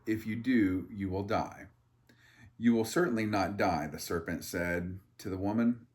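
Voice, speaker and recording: Low-voiced man with crude, rambling asides. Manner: irreverent, crude joking asides; loose, rambling, many fillers and restarts. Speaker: Bible study leader. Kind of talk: casual Bible reading with commentary.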